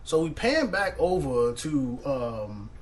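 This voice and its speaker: A man's voice: mid-range voice, very animated, slow, low-quality recording. A man casually recapping a comic chapter in a loose, rambling way, swearing freely. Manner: rambling, loose and profane, heavy on "like" and "um". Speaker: manga chapter reviewer.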